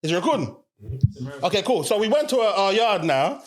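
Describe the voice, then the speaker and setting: Animated, high-voiced man telling a story. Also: a little fast. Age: young adult. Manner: animated, laughing, heavy slang fillers. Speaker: podcast co-host. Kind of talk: casual storytelling.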